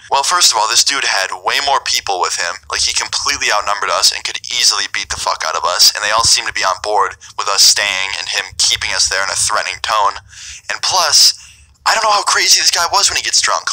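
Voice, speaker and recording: Brief: young male vlogger, late teens, cursing storyteller, low-ish pitch with a sharp edge. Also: rough recording. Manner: casual, profane, animated storytelling. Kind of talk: storytime vlog.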